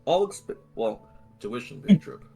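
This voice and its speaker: A man's voice: medium pitch, big pitch swings, unhurried, creaky, dark tone, breathy edge, faint music behind. A man playing a tabletop game, casual and joking in character. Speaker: player.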